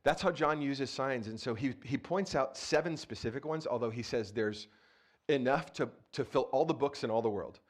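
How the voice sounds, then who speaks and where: A man's voice: mid-range voice, moderate pace. A man preaching a casual, conversational sermon as pastor, playful and chatty, often asking the congregation questions, speaking into a handheld mic in a church. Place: church sanctuary.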